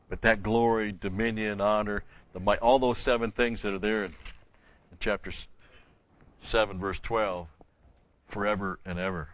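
A man with a lowish but bright, forceful voice teaches a verse-by-verse Bible lesson. He poses questions to the class and answers them himself, repeating key words for emphasis. The recording sounds dull and lo-fi.

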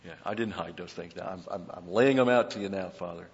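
A man's voice: deep voice, fast. A middle-aged man preaching a sermon as pastor, earnest and emphatic, often repeating words as he searches for them. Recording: dull lo-fi sound with long hall reverb.

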